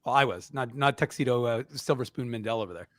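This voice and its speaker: A man's voice: medium pitch, fast talker, dry recording, studio quality. A man co-hosting a casual hockey post-game show, bluntly critiquing defensive play and laughing easily.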